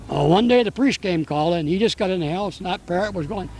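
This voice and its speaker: A man's voice: sits high, animated, fast, darkish tone, a little hiss or hum. An older man who drives oxen, chatting outdoors at a parade and telling jokes as a folksy storyteller, stammering on his restarts. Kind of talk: casual chat and joke telling.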